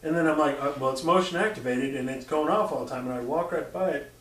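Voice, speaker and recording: A man's voice: fairly high pitch, quick pace, a bit bright. A man telling stories in casual chat. He swears freely and acts out sounds and quotes. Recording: roomy sound from a distant mic.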